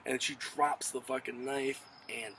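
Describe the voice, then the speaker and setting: A man casually reviewing a TV episode, retelling the plot in an excited, profane, rambling way. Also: medium pitch, unhurried, heavy background noise. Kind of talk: casual spoken recap and review.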